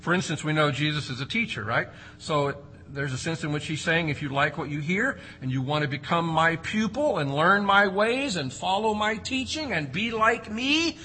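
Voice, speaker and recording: A man's voice: on the high side, bright, forceful tone, slight background noise, low-quality recording. A man preaching an expository sermon, emphatic, with rhetorical questions and strong rises and drops for stress. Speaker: pastor.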